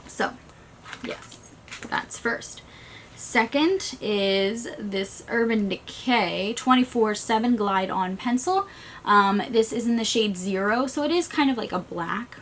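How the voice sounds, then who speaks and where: A woman chatting casually through a beauty box unboxing, talking fast and trailing off, still recovering from a migraine in a small stuffy room. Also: on the high side, fairly bright tone, slight background noise. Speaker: beauty vlogger.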